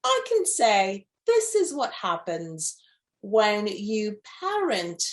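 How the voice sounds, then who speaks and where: Slow, lively woman news host. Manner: campy, gushing asides with sudden high squeals. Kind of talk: playful pet news anchoring.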